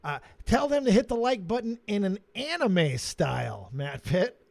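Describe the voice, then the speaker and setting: A man's voice: sits high, big pitch swings, moderate pace, gravelly, dry recording. A man hosting a livestream, teasing his guests and swearing freely in casual chat. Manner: loud, teasing and swears a lot. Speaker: livestream host. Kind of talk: casual, profane stream chat.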